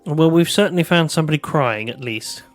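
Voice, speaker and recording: A man's voice: fairly high pitch, animated, a little fast, faint music behind. A man playing a tabletop role-playing game, with dry, matter-of-fact banter. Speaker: player. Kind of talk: tabletop role-play chat.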